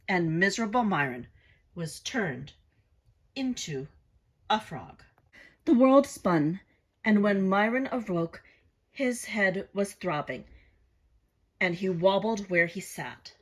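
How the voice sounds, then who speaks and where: A woman who hosts a craft channel, reading a storybook aloud in an expressive, unhurried way. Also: medium pitch, husky, rough recording. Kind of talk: storybook narration.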